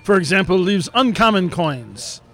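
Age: adult. Sex: man. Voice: high for a man. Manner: reads news aloud, trips over words. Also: sing-song, normal speed, over music. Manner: reads aloud and slips in jokey made-up asides; stumbles over words and restarts. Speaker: show host reading news. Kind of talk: comic news reading.

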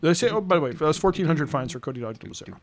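A man's voice: fairly high pitch, animated. A man hosting a casual podcast, reading out names and scores in a playful, teasing way. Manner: playful, teasing, quick to laugh. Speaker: podcast host.

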